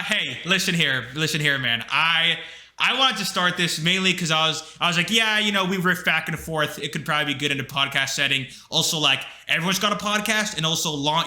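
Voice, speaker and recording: A man's voice: a little high, brisk, bright, forceful tone. A young man co-hosting a podcast, telling stories in a rambling, casual way with lots of fillers. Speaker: podcast co-host. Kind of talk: casual chat. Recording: roomy echo.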